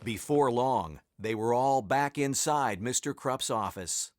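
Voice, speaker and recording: A man narrating a children's storybook aloud in a slow, expressive way. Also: medium pitch, slight background noise.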